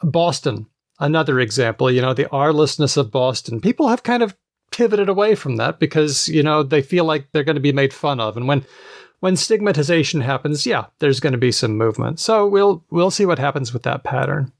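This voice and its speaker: Gravelly-voiced man, easygoing podcast co-host. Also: on the high side, expressive, a little fast, dry recording, clean studio sound. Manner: easygoing, explanatory. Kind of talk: casual chat.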